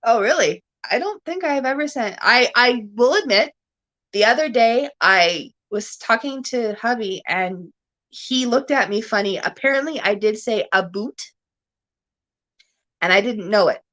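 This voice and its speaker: A woman's voice: fairly high pitch, expressive, normal speed, a bit bright. A woman from Ontario with a Canadian accent, hosting a rambling, casual chat at home and laughing often. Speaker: livestream host. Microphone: camera on a stand.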